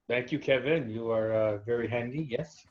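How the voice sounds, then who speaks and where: A man's voice: medium pitch, muffled recording, natural voice. A man doing a pompous French vampire heir. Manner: halting, pompous, fake-French phrasing. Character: proud young male vampire heir, pompous.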